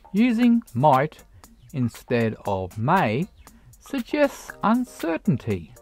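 A narrator giving a scripted grammar lesson for English learners, explaining each point slowly and deliberately with read-out examples. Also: mid-range voice, big pitch swings, over loud music. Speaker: English teacher.

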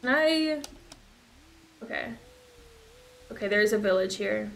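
A woman's voice: medium pitch, animated, a little slow, vocal fry, a bit bright. A young woman streaming a horror game, chatting casually, swearing and shrieking with laughter when scared. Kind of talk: casual gameplay commentary. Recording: echoey room with faint noise.

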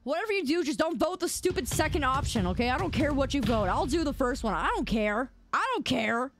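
A woman's voice: high-pitched, animated, fairly quick, faint music behind. A woman streamer playfully teasing her chat with mock-angry outbursts while gaming. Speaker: game streamer.

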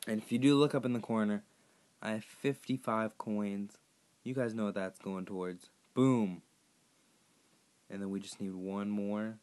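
A hoarse man who has partly lost his voice, chatting casually to viewers as he plays a game and sets tasks for them. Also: lowish voice. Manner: rambling, chatty, addressing viewers directly. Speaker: gaming YouTuber. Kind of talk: casual gameplay commentary.

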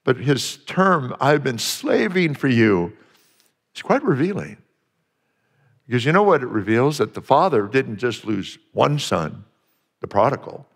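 A man's voice: mid-range voice, expressive, measured pace, fairly bright tone, in a large hall. A male pastor preaching a sermon earnestly, repeating phrases for emphasis and sometimes restarting mid-sentence.

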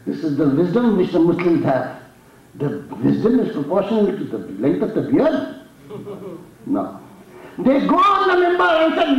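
A man's voice: sits high, huge pitch swings, normal speed. A man with an Indian accent preaching a sermon, telling a story dramatically and raising his voice for the challenges. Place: mosque hall. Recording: echoey hall, distant mic, dull sound.

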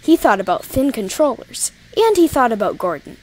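A woman narrating a children's storybook, expressive and voicing the characters. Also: a little high, moderate pace.

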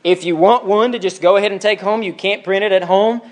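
A man's voice: high voice, steady tone, fairly quick. A man teaching a church Bible class in a conversational way, asking the class questions and reading scripture aloud with emphasis.

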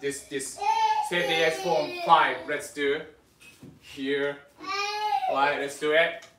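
A man with a Japanese accent leads a livestreamed sword lesson from home. He talks haltingly, with many fillers, coaching and reassuring his students. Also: on the high side, little pitch movement, heavy background noise. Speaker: sword instructor.

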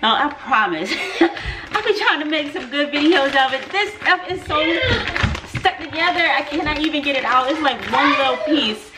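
A woman's voice: high voice, expressive, normal speed, background noise. A young woman, chatting casually to camera in her home kitchen, laughing often and calling her viewers "y'all.". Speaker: vlogger, mother.

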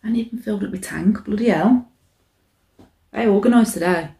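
This young woman, a mukbang vlogger, keeps up a chatty, sweary, self-mocking conversation while eating on camera. She speaks a little fast, and her medium-pitched voice is warm with vocal fry.

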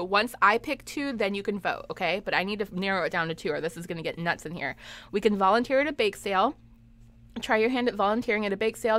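A woman's voice: medium pitch, fairly bright tone. A young woman chatting through a live game stream, giggling often and reacting to her chat. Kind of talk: live gameplay commentary.

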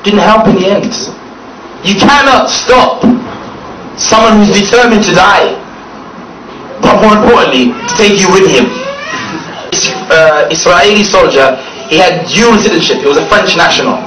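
A man giving a mocking talk to a gathering, sarcastic and emphatic, often laughing and at times shouting. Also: high-pitched, a little fast. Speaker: speaker addressing a gathering. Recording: distant echoey hall recording with noise.

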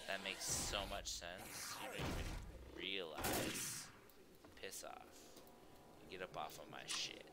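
A man livestreaming gameplay, swearing and trash-talking at the characters, sometimes yelling in anger. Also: low voice, slow pace, heavy background noise. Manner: profane, trash-talking, bursts into angry yelling. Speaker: streamer. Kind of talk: live gameplay commentary.

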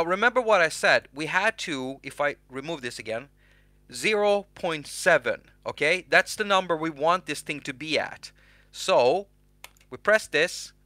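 Man, casual tutorial host, bright forceful voice, dry close sound, jokes at himself. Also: a little high, no room sound. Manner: joking, self-mocking, chatty.

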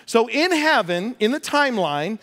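Man, middle-aged pastor, high voice, lively sermon storytelling. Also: moderate pace. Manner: animated storytelling with humor.

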